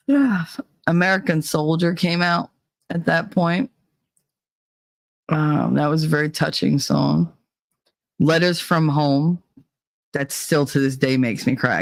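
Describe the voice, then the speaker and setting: A woman's voice: low voice, creaky, no echo. A woman hosting a casual livestream, chatting and reading viewer comments aloud, laughing often. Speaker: livestream host.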